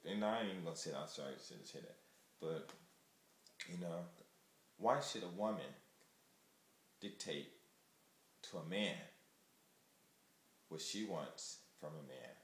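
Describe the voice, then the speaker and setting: A man's voice: low-pitched, animated, slow pace, pauses often, roomy sound. A man from the United States talking casually and candidly to the camera, rambling and emphatic. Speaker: vlogger. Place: Japan.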